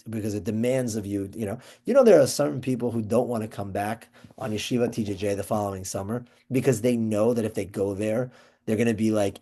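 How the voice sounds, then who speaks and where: A man leads an informal lesson on a Jewish ethics text. His voice is dark and mellow, and his pitch sits in an ordinary middle range. He talks loosely, stumbling and restarting, with Hebrew words sprinkled in. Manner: conversational, many restarts and fillers, Yeshivish Hebrew terms. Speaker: Torah class teacher.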